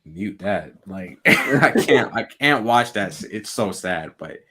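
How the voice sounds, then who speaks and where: A young man co-hosting a podcast in casual chat, excitable, saying "like" constantly and laughing often. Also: lowish voice, slow, husky. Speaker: podcast co-host.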